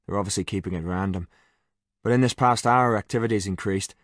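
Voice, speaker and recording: A man voicing a crude, wry male army corporal with a soft Irish accent in an audiobook. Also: on the low side, brisk, no room sound, clean studio sound, lightly acted. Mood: wry grumbling. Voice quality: soft-spoken.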